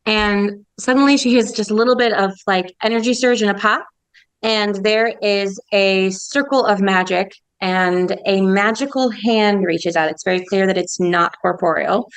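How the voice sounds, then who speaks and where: A woman's voice: mid-range voice, smooth, no echo, poor audio. A woman narrating a tabletop game as game master, chatty with many fillers.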